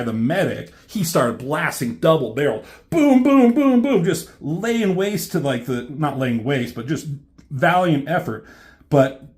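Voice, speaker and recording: A man reviewing a comic in a casual, rambling way, swearing often and filling pauses with ums. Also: fairly high pitch. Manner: rambling, swears a lot, many fillers. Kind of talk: casual chat.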